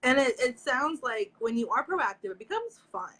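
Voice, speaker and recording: A woman's voice: high-pitched, sing-song, moderate pace, fairly bright tone, poor audio. A woman astrologer co-hosting a casual chat, encouraging and affirming the other speaker. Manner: encouraging listener, frequent affirming murmurs. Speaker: astrologer, co-host.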